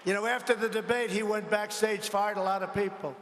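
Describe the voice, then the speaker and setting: A man with a high, bright voice speaks from a podium mic in a large arena. He rambles and mocks his rivals, stopping often to ask the crowd for agreement. His voice carries through a long echoing hall over faint crowd noise. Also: steady tone, brisk. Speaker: politician at a rally. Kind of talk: campaign rally speech.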